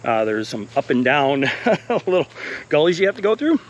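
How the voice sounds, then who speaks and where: A man's voice: on the high side, very animated, moderate pace. Male college instructor, walking vlog, a bit out of breath, earnest and encouraging, faint outdoor noise. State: a little out of breath. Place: outdoor wooded path.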